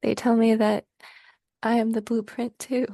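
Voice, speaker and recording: Slow, gravelly-voiced emotional woman host. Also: fairly high pitch, level tone, mellow, no room sound, clean studio sound. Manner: effusive, emotional, gushing praise. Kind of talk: spiritual conversation.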